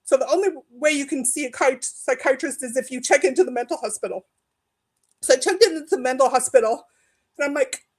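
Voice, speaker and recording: A woman's voice: high voice, rough recording. A woman telling her own story in an online group discussion, emotional and at times near tears. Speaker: discussion participant. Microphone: video call.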